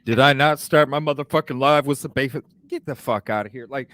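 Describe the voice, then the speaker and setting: Hosting a live podcast, a man rants heatedly, swears nonstop, and keeps asking "you know what I'm saying?" His medium-pitched voice is brisk and slightly bright, with no echo in the recording.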